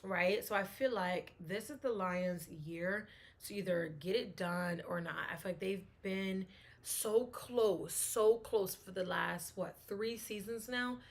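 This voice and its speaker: A woman's voice: mid-range voice, slow. A woman hosting a casual solo sports talk show, chatting and thinking aloud, often restarting her sentences.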